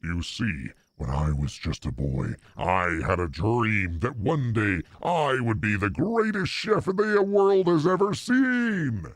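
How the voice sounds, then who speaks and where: A man voicing a boastful, self-absorbed young rival chef in a video game, with loud, theatrical exclamations. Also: deep voice, slow pace, hardly any pauses, no room sound, pitched below the performer's own voice, exaggerated voice.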